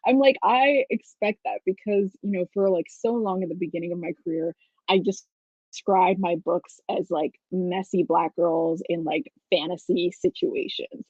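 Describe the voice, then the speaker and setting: A woman's voice: medium pitch, moderate pace, warm tone, breathy edge, no room sound. Chatty woman author on dull lo-fi call audio. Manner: chatty, lots of "like", laughs while explaining. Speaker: author guest. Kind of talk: casual video-call interview.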